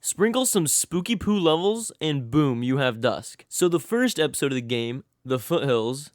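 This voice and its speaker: Young male game reviewer, sarcastic and crude, higher-pitched, close-miked. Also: lively intonation, moderate pace, no echo. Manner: sarcastic, hyped, crude jokes. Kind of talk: comedic scripted game review voice-over.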